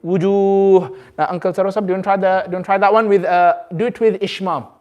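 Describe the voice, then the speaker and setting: High-voiced patient recitation teacher. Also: male voice, fairly even intonation, a little mellow. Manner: patient, demonstrates words slowly then explains quickly. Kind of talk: hands-on group lesson. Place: community centre classroom.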